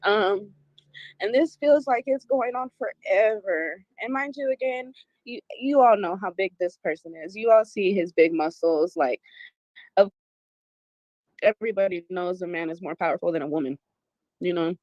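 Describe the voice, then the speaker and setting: A woman giving a halting, shaken personal account, swearing as she talks. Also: mid-range voice, darkish tone, no room sound. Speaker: woman telling her own story. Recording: dull lo-fi clip.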